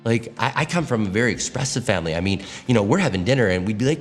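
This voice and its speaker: Over soft background music, a man speaks in a lowish voice at a quick pace. He's a pastor teaching church leaders, animatedly telling stories and performing the quotes within them.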